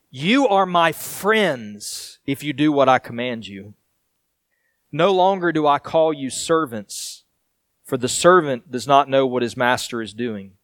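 A man pastor preaching a sermon, reading scripture and explaining it in an earnest way, sometimes raised and sometimes hushed. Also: mid-range voice, no room sound.

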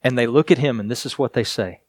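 A male pastor delivering a sermon in an earnest, deliberate way, leaning on repetition and pauses for emphasis. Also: mid-range voice, a little mellow, dry recording.

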